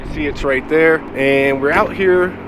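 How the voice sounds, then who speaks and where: A man from Arizona vlogging a road trip in a casual, excited way, talking to his viewers from outdoors and from a car. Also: a little high, unhurried, background noise. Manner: excited and upbeat, addressing viewers as guys. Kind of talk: casual vlog commentary.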